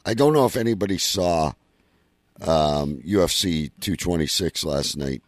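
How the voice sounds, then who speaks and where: A man hosting a podcast in casual chat, excitable and stammering, swearing now and then. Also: deep voice, a little slow, no echo. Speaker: podcast host.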